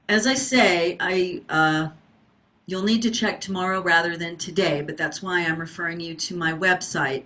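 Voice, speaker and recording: A woman's voice: on the low side, fairly bright tone. A middle-aged woman leads an online singing workshop through a video call. She talks in an encouraging, coaching manner and keeps asking her class to wave and respond. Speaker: voice teacher.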